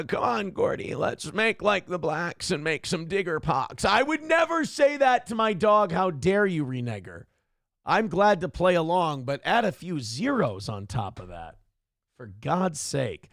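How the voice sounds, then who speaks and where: A man hosts a crude, mocking commentary show, his voice jumping around with lively pitch. It has a gravelly edge, and the sound is dry and close. He often swings into loud, shouted mockery. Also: no echo. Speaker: show host. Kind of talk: crude comedic commentary on news clips.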